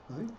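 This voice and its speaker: A man teaching a Hasidic text class as rabbi, stopping and restarting often and posing rhetorical questions to his students. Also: dark tone. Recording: dull, echoey room, faint noise.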